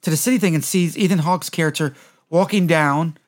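Man, fairly high voice, quick and rambling; casual co-host recapping a story. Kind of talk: casual chat.

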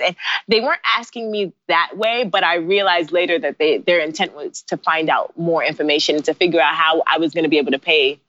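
Lively woman guest with a lowish voice. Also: brisk, dry recording. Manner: animated, laughs often while telling stories. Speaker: guest, bridal designer. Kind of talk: casual interview storytelling. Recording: dry, slightly dull podcast audio.

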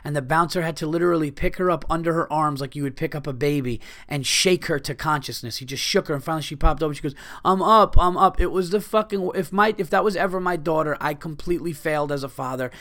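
A podcast host talking in a rambling, profane, self-interrupting casual monologue. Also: male voice, on the high side, fast, hardly any pauses.

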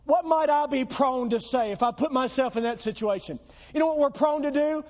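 A man's voice: extremely high pitch, fairly quick, a little mellow, lo-fi sound. A man preaching a sermon as pastor, emphatic and full of rhetorical questions to the congregation.

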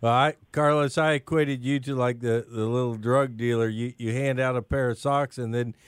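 Brief: joking male radio co-host, mid pitch, dry studio sound. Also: steady tone, clean tone, dry recording. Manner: joking, teasing, halting restarts. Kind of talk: live outdoors radio talk show.

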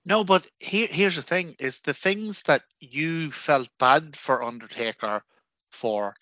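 Irish male podcast co-host, bright voice, cheeky and animated, dry close mic. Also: a little high, takes it slowly, no echo. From Ireland. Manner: animated, crude joking. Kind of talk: casual chat.

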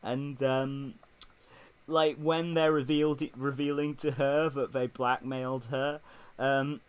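A man's voice: mid-range voice, level tone, slow, clear, resonant tone. A man chatting casually about a TV show, laughing often as he talks. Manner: laughs often, acts out quotes.

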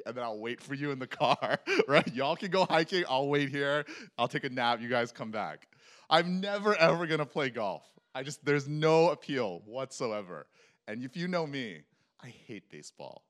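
A man in his thirties, a pastor, preaching a sermon with animated storytelling and acting out bits of dialogue. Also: medium pitch. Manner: animated storytelling, acts out dialogue, laughs at own jokes.

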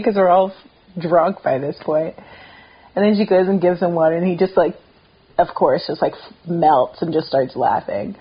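A young woman telling a lively story as a podcast guest, laughing often and swearing casually. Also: mid-range voice, moderate pace, slightly rough. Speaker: podcast guest, thru hiker. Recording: dull lo-fi sound.

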